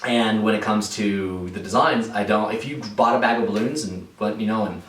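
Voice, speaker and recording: A man answering viewer questions as a balloon artist in a casual vlog. He rambles in a relaxed way, with many fillers and restarts. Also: lowish voice, normal speed. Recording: echoey room, voice from a distance.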